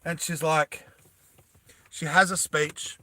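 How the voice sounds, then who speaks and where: A man telling a story casually to a live chat, unhurried, in a slightly higher, bright and forward voice. He is animated, laughs often and acts out the characters as he goes. The sound is dry and close. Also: no room sound.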